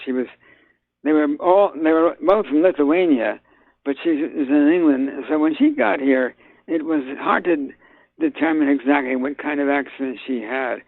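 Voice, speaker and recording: Older male guest actor on a tinny phone line, gravelly voice, hesitant and full of restarts. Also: a little high, dry recording. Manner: halting, many fillers and restarts. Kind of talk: phone interview.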